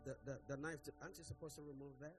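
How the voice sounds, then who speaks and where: An exuberant male pastor runs through announcements and a celebration, calling out "glory to God" to the congregation. His voice sits a little high for a man. Faint music plays underneath. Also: fairly even intonation, very fast.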